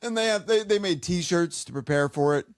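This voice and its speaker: His voice is high, clear and resonant, captured in studio quality with no room sound. He's a podcast co-host who spins rambling, casual stories, stopping and restarting frequently.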